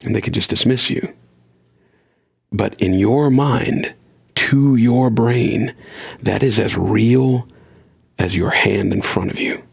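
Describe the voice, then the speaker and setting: A man's voice: fairly low pitch, takes it slowly, gravelly, pauses often, slightly rough. A man hosting a solo podcast, talking in an earnest, conversational way and shifting his pace for emphasis. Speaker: podcast host.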